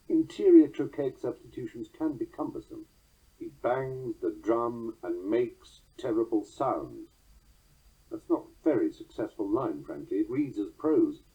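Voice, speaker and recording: A man with a very husky, breathy voice delivers a prepared lesson on poetic meter. His intonation rises and falls widely as he explains. The sound is thin and boxy, like a voice heard over a phone line. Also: mid-range voice. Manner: measured, slows down to recite quoted verse. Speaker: teacher explaining verse meter. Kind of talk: scripted lecture narration.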